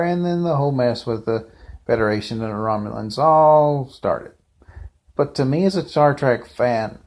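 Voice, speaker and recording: A man's voice: medium pitch, darkish tone. A man giving a casual, unscripted fan review, rambling off the cuff with frequent asides and restarts.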